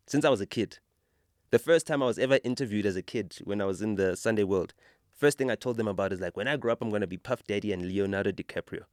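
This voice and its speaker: A man's voice: fairly low pitch, quick pace, dry recording, studio quality. A man with a South African accent hosting a podcast, talking with conviction and telling stories with rising animation. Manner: impassioned, builds to animated storytelling. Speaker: podcast host. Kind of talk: casual podcast conversation.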